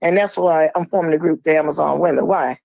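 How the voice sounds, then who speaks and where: A middle-aged woman calling in and speaking in a forceful, emphatic, preachy way. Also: low-pitched, fast talker, vocal fry, dry recording, poor audio. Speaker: caller. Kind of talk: impassioned monologue.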